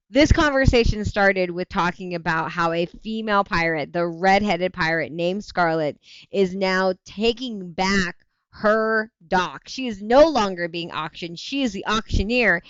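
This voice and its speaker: A woman's voice: mid-range voice, smooth, dry recording. Woman streamer chatting w chat, laughs a lot, dry close mic, kinda muffled audio. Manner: animated, laughing often, self-interrupting. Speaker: livestream host. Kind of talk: casual chat reading viewer comments.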